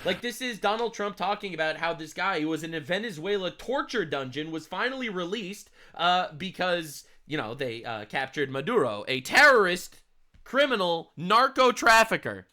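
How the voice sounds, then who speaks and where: Brief: male reaction commentator, high bright voice, loud, mocking, profane. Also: big pitch swings, normal speed. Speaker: commentary streamer.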